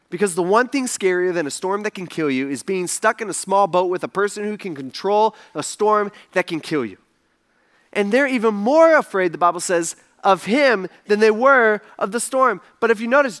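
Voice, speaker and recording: A man's voice: sits high, fairly bright tone. A male pastor preaching a sermon in a conversational, storytelling way, often turning to ask the congregation questions.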